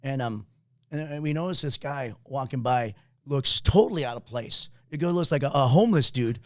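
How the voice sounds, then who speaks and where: A man's voice: mid-range voice, animated, normal speed, dry recording, clean studio sound. A man hosting a podcast, telling a rambling story in casual chat, swearing often and laughing along. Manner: rambling, swears a lot, laughs at own stories. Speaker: podcast host.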